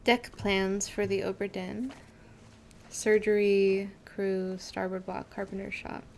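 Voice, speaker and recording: A woman's voice: mid-range voice, level tone, slow pace, creaky, slight background noise. A woman streaming a game live, reading out in-game text and telling rambling stories full of fillers. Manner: rambling, filler-heavy storytelling. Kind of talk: casual live game commentary.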